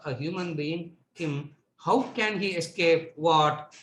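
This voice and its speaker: Man, spiritual teacher, lecture, rhetorical questions, fairly high voice, roomy echo. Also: animated, a little slow, a bit bright. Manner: rhetorical questions, emphatic repetition. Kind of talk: lecture on scripture. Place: lecture room with live audience. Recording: echoey room.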